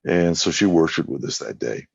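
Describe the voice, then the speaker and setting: A man's voice: very deep voice, animated, moderate pace, gravelly, husky, dry recording. A male evangelist telling folksy stories in an interview, often acting out what people said. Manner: folksy anecdotes with acted-out quotes. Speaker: evangelist guest. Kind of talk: storytelling in a podcast interview. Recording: dull lo-fi sound.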